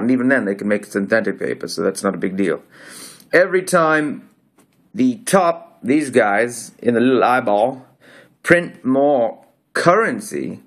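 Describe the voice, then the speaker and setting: This host puts on an accent while loosely describing the coins he shows the camera, rambling and repeatedly breaking off to restart. His voice is mid-range with a fairly bright tone.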